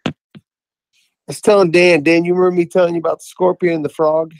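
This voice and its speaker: A man's voice: on the high side, flat delivery, quick pace, a little mellow, slight background noise, rough recording. A man calling in to a podcast, telling a story in a rambling, enthusiastic way, full of restarts. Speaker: caller to a podcast. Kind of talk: casual chat, storytelling.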